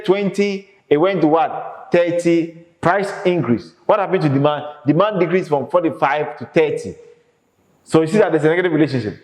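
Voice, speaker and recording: A man's voice: on the high side, darkish tone. A man teaching an economics lesson in an emphatic way, asking the class questions and then answering them himself. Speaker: economics lecturer. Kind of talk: classroom lecture. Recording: echoey reverberant room.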